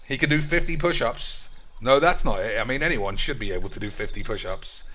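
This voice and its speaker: A man's voice: mid-range voice, animated, a little fast, pushed and bright. A man giving crude, ranting, mock-boastful commentary over his own gameplay. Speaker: gaming streamer.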